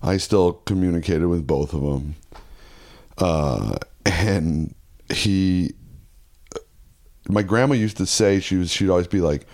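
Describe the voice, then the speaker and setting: A man with a fairly low voice tells a personal story as a podcast guest. His talk is loose and profane, full of restarts and asides as he circles through the details. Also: slow pace, pauses often, darkish tone. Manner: profane, rambling anecdote with restarts. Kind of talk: casual storytelling.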